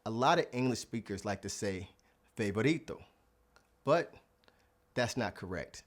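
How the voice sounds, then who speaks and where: A man narrating a language lesson, sounding out example words slowly and deliberately. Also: on the low side, lively intonation. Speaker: Spanish teacher.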